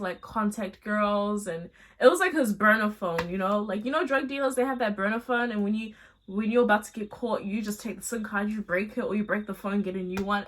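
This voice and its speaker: A young adult woman vlogger casually telling a storytime tale, chatty and animated, with slangy asides. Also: mid-range voice.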